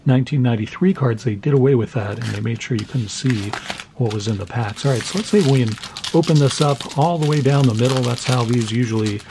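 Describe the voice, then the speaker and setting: A man's voice: medium pitch, quick pace, vocal fry, background noise. A man hosting a card-collecting channel, opening packs and chatting casually with rambling, self-deprecating asides. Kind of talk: casual pack-opening commentary.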